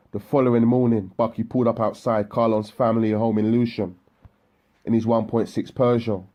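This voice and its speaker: A man narrating an audiobook in a steady, matter-of-fact way with a husky voice. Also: medium pitch, lo-fi sound.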